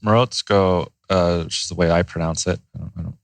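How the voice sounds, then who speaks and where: Brief: deep, dry-miked man, relaxed storyteller guest on a podcast. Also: quick pace, gravelly, dry recording, low-quality recording. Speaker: ice bath company co-founder.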